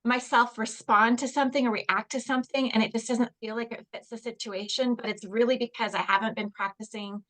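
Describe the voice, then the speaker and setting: A woman's voice: fairly high pitch, fairly even intonation, fairly quick, hardly any pauses, a bit bright. A woman coach hosting an online workshop over a video call, encouraging and reading out audience replies. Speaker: confidence coach, session host.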